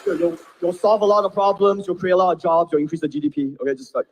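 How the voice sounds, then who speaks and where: A man's voice: high voice, big pitch swings, fast, vocal fry, few pauses. A man doing a stand-up comedy set, joking and laughing through his punchlines.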